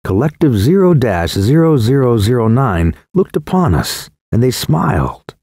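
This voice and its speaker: A man narrating an audiobook in a dramatic, expressive way on a close studio mic. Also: medium pitch, measured pace, no room sound.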